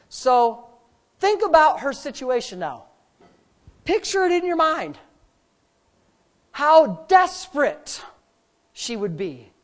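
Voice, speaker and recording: A man preaches a sermon, swinging between low, hushed asides and high, shouted emphasis, drawing out phrases for effect.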